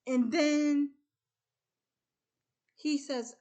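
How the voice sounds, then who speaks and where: A woman's voice: sits high, slow. A woman hosting a chat show, casually retelling a film's plot by chaining events together with "and then.". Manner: strings events with repeated "and then". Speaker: host.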